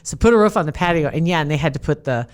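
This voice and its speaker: Low-voiced woman, chatty podcast co-host. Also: expressive, very fast. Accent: American Midwest. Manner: chatty, laughs often, trails off softly. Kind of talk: casual chat. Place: podcast studio.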